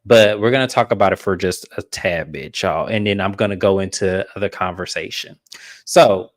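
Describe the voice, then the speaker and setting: A man, chatting casually as he recaps a reality show and slips into quick impressions of the cast. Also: low voice. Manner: animated, mimics the cast in quoted asides.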